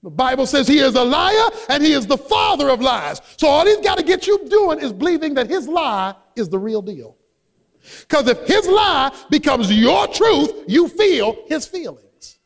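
A man preaching a sermon as a pastor, emphatic and building up to shouts. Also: extremely high pitch, big pitch swings, normal speed. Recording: long hall reverb.

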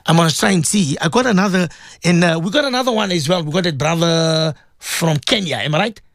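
A man's voice: a little high, a little fast, a bit bright, dry recording, studio quality. A man presenting a religious radio show, speaking fervently and pleading, often repeating himself. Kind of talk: emotional religious radio talk.

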